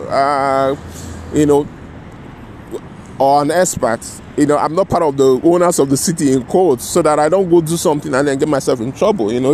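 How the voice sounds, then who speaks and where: A man's voice: fairly high pitch, darkish tone, slight background noise. A man telling a personal story in a casual, rambling way, often adding "you know" and "right?" and restarting his sentences. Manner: restarts and self-corrections mid-sentence.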